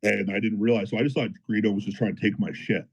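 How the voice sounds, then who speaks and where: A man telling a story in a casual podcast chat, animated and profane, as a powerlifter guest. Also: fairly low pitch, quick pace, gravelly, husky, highs cut off. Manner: animated, profane, fired-up retelling.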